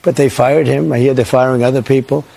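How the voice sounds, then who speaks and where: Older male politician, gravelly husky voice, rambling off-the-cuff remarks. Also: medium pitch, steady tone, fast talker, dark tone. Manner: rambling, repetitive, blunt.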